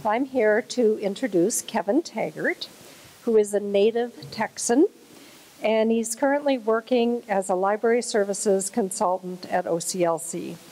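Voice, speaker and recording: A woman's voice: medium pitch, measured pace, mellow, poor audio. A woman hosting at a conference, reading a speaker's introduction in a light, chatty way. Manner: light, chatty, laughs at own jokes. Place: conference hall.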